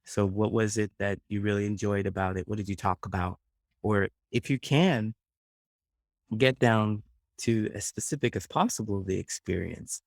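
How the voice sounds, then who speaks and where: A man working as a friendship coach, answering interview questions as an animated storyteller who acts out voices and laughs often. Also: on the low side, normal speed, vocal fry, no room sound, studio quality. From United States.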